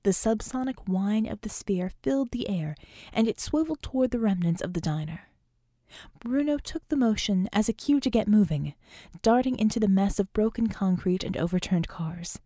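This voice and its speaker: A woman narrating an adventure audiobook in a mellow, relaxed tone. Her reading is even and clear, recorded close and dry with no room sound. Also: mid-range voice, moderate pace, dry recording. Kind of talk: scripted narration.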